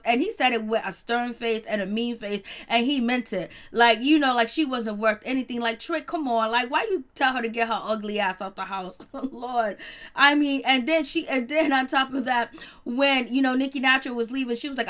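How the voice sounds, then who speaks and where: A woman's voice: fairly high pitch, moderate pace, a bit bright. Chatty woman recapping a reality show. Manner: chatty, laughing, exclaims "Lord have mercy". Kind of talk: casual TV episode recap.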